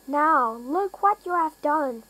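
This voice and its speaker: A bossy big removal man barks orders in a storybook reading, voiced by a woman. The voice stays fairly high and the telling slow. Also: rough recording.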